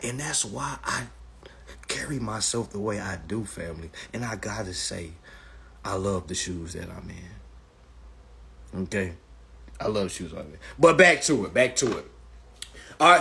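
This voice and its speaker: A man in his thirties hosting a casual live stream chat in an animated, preachy way, with loud exclamations and muttered asides. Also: medium pitch, breathy edge. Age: 30s.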